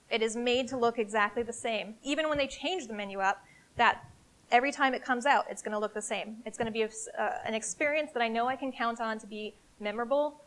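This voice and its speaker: Energetic woman giving a live talk. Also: a little high. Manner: energetic, conversational, emphatic. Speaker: CEO giving a marketing presentation. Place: event room before a live audience.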